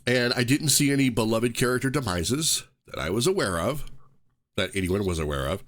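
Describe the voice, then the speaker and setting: A man hosting a casual podcast, ranting loosely and tripping over his own restarts. His pitch swings wide and lively as he talks. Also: brisk. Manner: animated, ranting, self-interrupting with repeated restarts. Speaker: podcast host.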